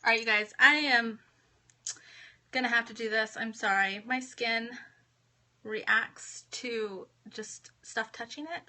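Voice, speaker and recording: Slow-paced, with a fairly high, pushed, bright voice, a woman in her thirties runs a relaxed live stream from her home office, bubbly as she chats and says hello to viewers by name.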